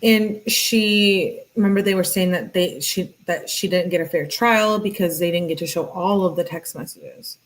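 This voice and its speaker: A woman's voice: fairly low pitch, normal speed, few pauses. A woman hosting a true crime channel, chatting casually and thinking aloud as she reads through text messages.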